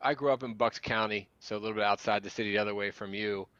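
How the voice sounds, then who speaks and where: Casting: man with a Philly accent, low smooth voice, dry slightly dull livestream sound, easygoing rambling talker. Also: fairly even intonation, quick pace, fairly bright tone, no echo. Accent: Philadelphia. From Philadelphia area. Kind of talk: casual chat over drinks.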